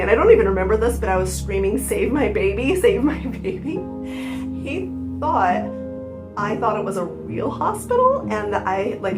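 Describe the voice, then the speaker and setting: A young woman vlogger telling an emotional personal story from home, using "like" a lot and laughing through the hard parts. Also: medium pitch. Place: at home with her dog in her lap. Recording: roomy echo with music behind. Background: music.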